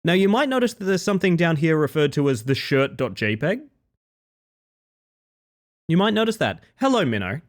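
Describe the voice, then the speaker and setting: Brief: young male streamer, a little under the weather, voice slightly off, playful and jokey, bouncy intonation, sits a touch high. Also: big pitch swings, moderate pace, pauses often. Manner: playful, jokey banter, greeting viewers by name. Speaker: live streamer. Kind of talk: casual live-stream chat with viewers.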